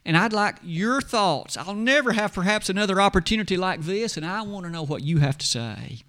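A man's voice: high voice, animated, fairly quick, fairly bright tone. A man acting out an earnest churchgoing woman who pleads with Jesus about her friends. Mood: pleading.

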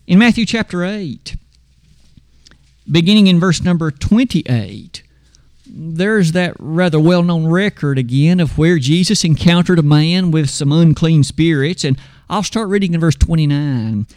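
Higher-voiced man preaching, dry sound. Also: darkish tone, dry recording. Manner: slow, emphatic preaching with dramatic pauses; reads scripture aloud. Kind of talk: sermon.

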